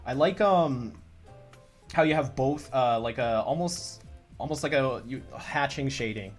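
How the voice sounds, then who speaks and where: A man's voice: medium pitch, measured pace, soft background music. A man hosting a casual livestream as a comic creator, chatty and rambling, full of restarts.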